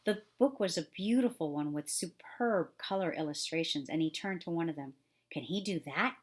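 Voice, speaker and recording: A woman reading a children's novel aloud in a gentle, expressive storytelling manner. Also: on the low side, normal speed. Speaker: children's book reader.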